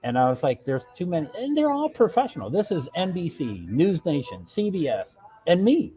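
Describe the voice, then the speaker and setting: A man's voice: a little high, sing-song, moderate pace, mellow, lo-fi sound, soft background music. A man telling a long story on his live stream, rambling, breaking off mid-sentence and acting out what others said. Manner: rambling, self-interrupting, quotes others. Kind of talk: casual storytelling.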